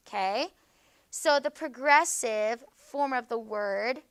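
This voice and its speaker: A woman leads a grammar class, her voice bright and crisp and a little high for a woman. She checks in with "okay?" after almost every point and slows down to stress each example phrase. The sound is dry and close, with no room echo. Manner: frequent checking "okay?" with students; slow, stressed reading of example words. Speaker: teacher.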